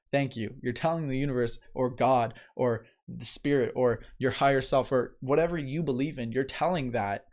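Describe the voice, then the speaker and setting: A man hosting a motivational live show, talking casually and reading viewer comments aloud. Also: medium pitch. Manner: relaxed, chatty, frequent "right?" and light laughs.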